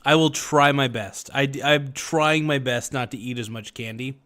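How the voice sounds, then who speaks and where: A man's voice: medium pitch, moderate pace, pushed and bright. Young man, casual livestream host, rambling jokester who pokes fun at himself. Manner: rambling, joking, self-mocking. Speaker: live streamer reading chat.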